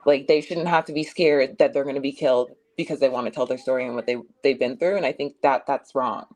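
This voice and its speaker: A woman's voice: a bass voice, fairly even intonation, quick pace, darkish tone. A young adult woman hosting a stream, retelling a chat argument in a casual, heated way with lots of swearing and emphasis. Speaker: streamer host.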